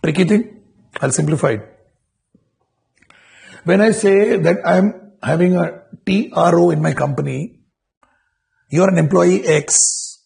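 Male corporate trainer, slightly high and gravelly, lecturing with rhetorical check-ins. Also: measured pace, long pauses, a little mellow. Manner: repetitive restarts, rhetorical questions.

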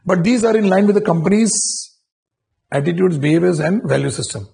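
A man's voice: high-pitched, lively intonation, fairly quick, creaky, dark tone. A male corporate trainer, giving a training lecture full of rhetorical questions and restarts.

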